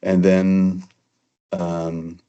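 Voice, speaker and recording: Male guest, low-pitched, casual earnest storyteller who restarts often. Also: monotone, warm tone, smooth, lo-fi sound. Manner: earnest, halting with frequent restarts. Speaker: guest telling personal stories.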